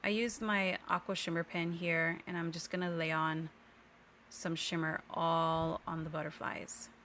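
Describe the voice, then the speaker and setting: A woman's voice: deep voice, flat delivery, unhurried, a bit bright, a little hiss or hum. A woman hosting a card-making tutorial, talking through her steps in a chatty, easygoing voice-over and correcting herself as she goes. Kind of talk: casual crafting voice-over. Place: home craft room.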